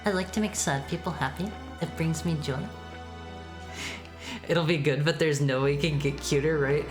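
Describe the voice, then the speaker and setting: A woman's voice: sits low, steady tone, moderate pace, over music. A woman chatting casually while streaming a retro game, stammering and repeating words, reading text aloud. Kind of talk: casual gaming stream chat.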